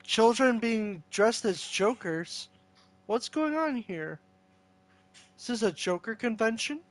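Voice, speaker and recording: A man's voice: high voice, lively intonation, takes it slowly. A man goofing around with an AI character, rambling silly jokes and giggling. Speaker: user chatting with an AI character. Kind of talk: goofy joking chat.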